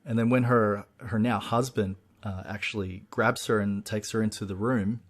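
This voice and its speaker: A man with a lowish voice chats casually as a podcast co-host about a movie he watched. He retells scenes in long, meandering sentences, getting animated as he goes. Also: moderate pace. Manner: animated, recounts plot in long winding sentences. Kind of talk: casual film-review chat.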